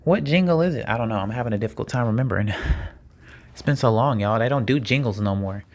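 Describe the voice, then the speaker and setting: A man's voice: medium pitch, quick pace, a little mellow. Man, solo podcast host, casual chat, playful, talks straight to listeners, jokey asides. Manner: jokey asides with laughs and sighs.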